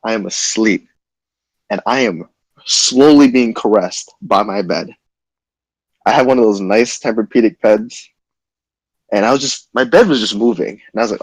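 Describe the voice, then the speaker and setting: A young man casually telling a wild story to his chat, animated and swearing freely. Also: lowish voice, no room sound, poor audio. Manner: animated, swearing, quick retelling.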